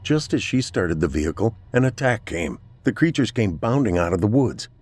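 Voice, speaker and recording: A man reading a scripted horror story aloud in a measured, unhurried way. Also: lowish voice, very animated, darkish tone. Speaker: narrator.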